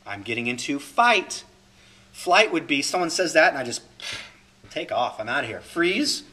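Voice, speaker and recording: A man's voice: a little high, sing-song, moderate pace, pushed and bright. A man teaching a recorded class as a holistic coach, repeating key points and talking through examples.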